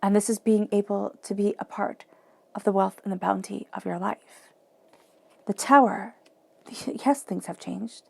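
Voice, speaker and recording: A woman's voice: medium pitch, steady tone, measured pace, vocal fry, no echo. A woman giving a flowing, encouraging tarot reading, often acting out quoted self-talk. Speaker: tarot reader.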